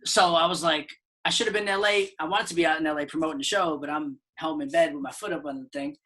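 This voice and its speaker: A man who is a comedian guest, chatting casually in an upbeat, joking way and telling animated stories. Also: fairly high pitch, quick pace. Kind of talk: casual interview chat.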